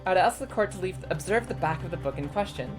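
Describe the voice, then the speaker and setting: A woman reading the lines of an earnest young male defense lawyer in a measured, formal manner, over game music. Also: fairly low pitch, lively intonation, lightly acted.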